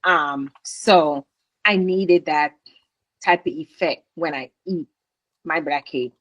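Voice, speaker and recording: A woman, a business owner chatting as a guest in an interview, animated and talkative. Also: sits low, takes it slowly, dry recording, dull audio. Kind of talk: casual interview chat.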